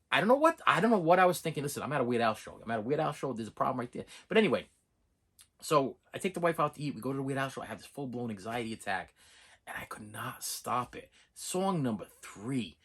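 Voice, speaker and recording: A middle-aged man rambles through a story for his video channel, circling back and repeating phrases as he goes. His voice is husky with a bright, edgy tone, and his pitch swings widely from low grumbles to high exclamations. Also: quick pace. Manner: animated, repetitive storytelling with restarts. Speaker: movie collector vlogger. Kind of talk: rambling casual monologue.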